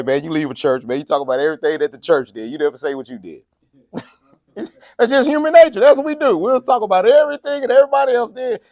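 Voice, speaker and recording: Animated joking preacher man, dry close sound. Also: on the high side, dry recording. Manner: folksy and joking, laughs often, acts out quotes. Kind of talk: conversational sermon.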